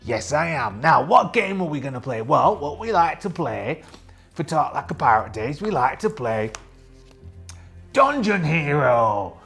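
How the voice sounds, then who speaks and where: Man doing a gravelly young pirate captain. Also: fairly high pitch, sing-song, measured pace, a bit bright, faint music behind, full character voice. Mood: jovial. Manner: chatty, digressive, answers his own questions. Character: young male pirate captain, boastful and rambling. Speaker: host and solo game player. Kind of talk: in-character solo tabletop game play.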